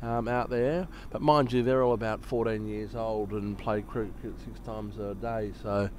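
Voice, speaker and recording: A man's voice: fairly low pitch, steady tone, unhurried, slight background noise. A man giving casual live cricket commentary, chatty and joking and often laughing.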